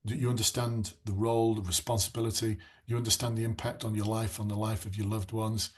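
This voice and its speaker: A husky, fairly low-voiced man leads a live online class for police recruits. He talks earnestly and with passion, often restarting his sentences as he tells his stories. He sounds like a man in his fifties speaking into a call mic. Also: level tone, fast talker.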